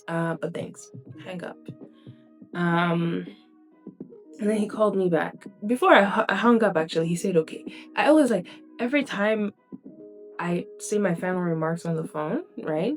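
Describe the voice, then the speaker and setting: A young woman vlogging to camera in a casual, tired, rambling way, with a low, quiet voice. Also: fairly even intonation, normal speed, soft background music.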